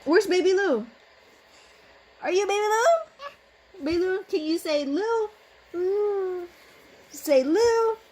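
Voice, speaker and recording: A Vietnamese-native mother plays a bedtime game with her toddler, coaxing and playful, laughing often as she moves between two languages at home. Her voice is very high and a little mellow, a bit slow, with frequent pauses.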